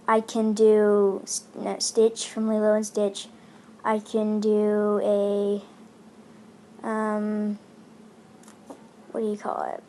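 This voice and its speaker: Slow, rambling woman gamer. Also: mid-range voice, a little hiss or hum. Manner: rambling, chatty, lots of fillers. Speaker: gaming channel host. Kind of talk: casual gameplay commentary.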